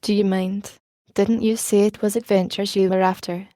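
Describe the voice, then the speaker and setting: A woman's voice: medium pitch, level tone, normal speed, mellow, dry recording, close to an everyday voice. A woman reading the part of an old, kindly, dry-humoured news editor, with a light Scottish lilt, in an audiobook. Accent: Scottish, put on.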